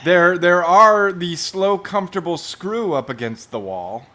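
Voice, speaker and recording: A bright-voiced man whose pitch jumps around a lot as he talks. His voice sits a bit high. He keeps teasing the others with crude jokes in a loose podcast chat. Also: lively intonation, a little slow. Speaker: podcast co-host.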